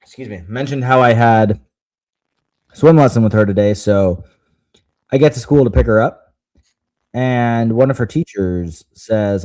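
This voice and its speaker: A man in his thirties tells family stories on a podcast, casual and self-deprecating, breaking into laughs. His voice is dark and mellow, sits at a middle pitch, and sounds close and dry. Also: unhurried, pauses often, dry recording. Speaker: podcast co-host. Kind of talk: casual chat, storytelling.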